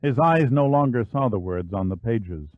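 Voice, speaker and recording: This thriller audiobook is read by a man whose mid-range voice stays measured and even throughout the scripted narration. The sound is dry and narrow-band, much like a phone line.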